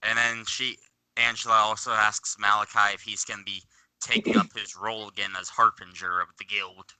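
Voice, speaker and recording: A man's voice: fairly low pitch, little pitch movement, normal speed, bright, forceful tone, clear, resonant tone, low-quality recording. A man narrating and running a tabletop role-playing game, joking and playful with his players. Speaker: game master.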